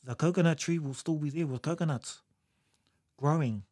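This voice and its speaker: A man's voice: a little high, normal speed, warm tone. A New Zealand man telling stories in a casual chat, reflective, laughing often and using Maori words.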